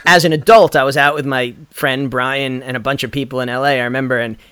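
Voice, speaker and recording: A man's voice: mid-range voice, fast, clear, resonant tone. A middle-aged man, a musician guest, chatting casually and animatedly in an interview, acting out quotes as he tells stories. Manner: animated storyteller, acts out quotes.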